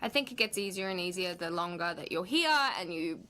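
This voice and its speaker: A woman's voice: lowish voice, expressive, a little fast, pushed and bright, a little hiss or hum. A woman actress chatting casually on a livestream, reading out viewer questions and answering them in a playful, laughing way. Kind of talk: live Q&A reading viewer comments.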